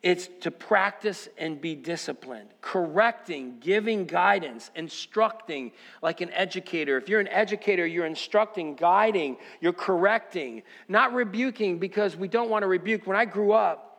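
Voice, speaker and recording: A man preaching a sermon as pastor, asking the congregation rhetorical questions and moving between fervent exhortation and quiet personal storytelling. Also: high-pitched, expressive, moderate pace, few pauses, in a large hall. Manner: preaching with rising intensity, then quiet reflective storytelling.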